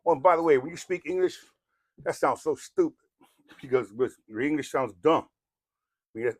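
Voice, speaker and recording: A man's voice: on the high side, moderate pace, slightly rough, no echo, clean studio sound. A man from Southern California with a Samoan-tinged accent, delivering a rambling, preachy rant that is blunt and profane and full of "you know what I mean". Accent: Samoan-influenced Southern California. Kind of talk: ranting monologue.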